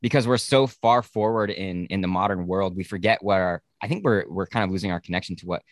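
A deep-voiced man hosts the chat in a relaxed, frank manner, swearing now and then. His low voice sits close and dry with no room sound. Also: quick pace, no echo. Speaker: podcast host. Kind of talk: casual podcast conversation.

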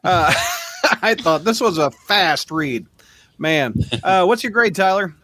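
A man's voice: sits high, animated, slow, pushed and bright, no echo. A man hosting a casual podcast panel, joking and teasing the others and laughing often. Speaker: podcast host. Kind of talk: casual chat.

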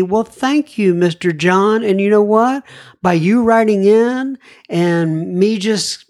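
A man hosting a podcast who reads listener emails aloud slowly and earnestly, stopping to comment and thank each writer. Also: sits high, a little mellow. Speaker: podcast host.

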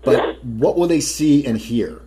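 A man's voice: medium pitch, measured pace, warm tone. A male interviewer who laughs often and asks long, rambling questions. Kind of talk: radio interview.

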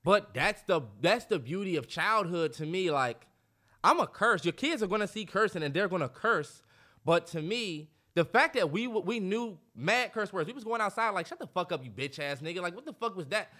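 Speaking at normal speed with a bright, forceful, high voice and lively intonation, a podcast co-host in his twenties chats casually. He swears a lot and mimics the voices of those he quotes.

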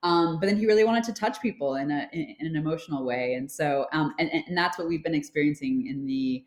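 A woman's voice: deep voice, quick pace. A woman in her thirties, a film producer chatting as an interview guest, talking casually with many fillers and restarts. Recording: roomy echo.

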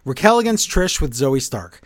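Animated, exasperated man recapping wrestling. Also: mid-range voice, moderate pace, dry recording, studio quality. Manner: animated, exasperated, mocking the quotes. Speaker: podcast co-host recapping wrestling. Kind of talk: casual podcast recap.

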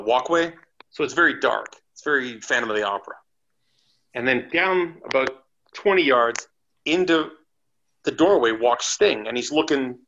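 A man, a former wrestler, telling chatty, animated anecdotes as a guest on a podcast interview. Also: mid-range voice, lo-fi sound. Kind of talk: casual storytelling interview.

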